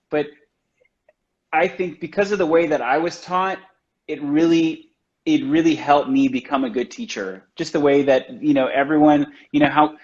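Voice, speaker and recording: A man talks a little high, chatting on a video call and stringing his stories together with "like" and "you know". The audio is dull and lo-fi, as a livestream often is. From United States. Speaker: chocolatier guest. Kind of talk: casual storytelling chat. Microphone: video call from home.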